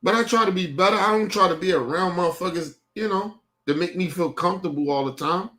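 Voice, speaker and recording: Talking fast in a high, bright, forceful voice, a young streaming show host goes off about his family. The casual rant to his audience is heated and laced with swearing, and he repeats himself.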